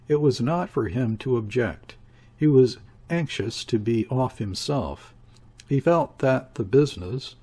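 A man reading a classic novel aloud as an audiobook in a measured, even storytelling manner. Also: mid-range voice, husky. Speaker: audiobook reader. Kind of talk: literary audiobook narration.

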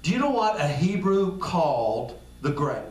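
A pastor's voice, a little high and somewhat dark in tone, moves unhurriedly with big pitch swings. His sermon is informal, with acted-out exchanges and emphatic repetition, heard from far off in an echoey room.

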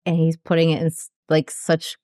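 A woman reacting to a music video in casual commentary, halting and emotional, with many fillers and apologies. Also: sits low, monotone, dark tone, no room sound, studio quality. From grew up poor.

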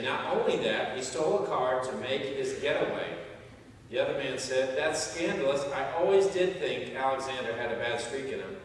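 A man's voice: mid-range voice, far from the mic, a little hiss or hum. A man preaching a sermon as pastor, telling stories and jokes and acting out the voices of the people in them. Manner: storytelling with jokes, acts out quoted voices. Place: large church sanctuary. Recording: echoey church hall heard from afar.

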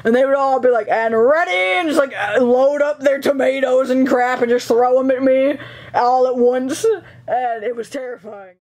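High-voiced young woman telling a story. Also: moderate pace. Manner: animated, laughing, acts out dialogue. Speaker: vlogger. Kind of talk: casual storytelling.

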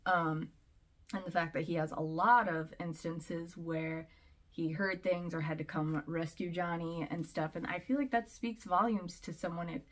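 Woman vlogger, lowish voice, casual rambling commentary, chatty. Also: fairly even intonation, moderate pace. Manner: rambling, chatty, laughs between points.

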